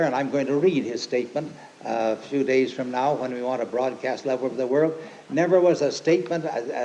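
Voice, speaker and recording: An older man delivers a rambling, folksy sermon in a mellow, relaxed voice. He leans hard into scripture quotations with emphasis. The old archive recording sounds dull and lo-fi with a faint hiss behind it. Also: mid-range voice. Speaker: lay preacher and teacher. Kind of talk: informal sermon.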